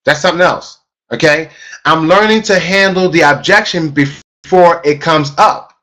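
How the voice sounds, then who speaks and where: Male sales coach, high-pitched, emphatic, repetitive webinar delivery. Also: moderate pace, pushed and bright. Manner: emphatic, repeats key phrases for stress. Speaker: sales trainer. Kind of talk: live online sales webinar.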